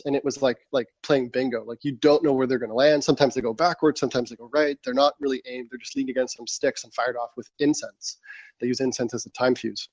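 Male guest, conversational storyteller, plays his younger self, mid pitch, dry dull podcast sound. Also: dry recording. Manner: animated, acts out his past self. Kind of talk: casual storytelling.

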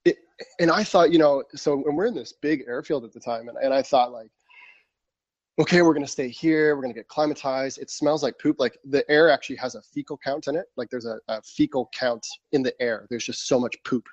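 Male guest, conversational storyteller, plays his younger self, mid pitch, dry dull podcast sound. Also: fairly quick, dry recording. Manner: animated, acts out his past self. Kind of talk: casual storytelling.

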